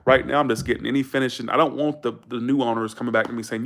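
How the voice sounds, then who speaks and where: Southern guy with a georgia accent, blunt, talks quick, casual stream chat. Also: medium pitch, fairly even intonation, gravelly, a bit bright. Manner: blunt, fast-talking, swears freely. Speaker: livestream host.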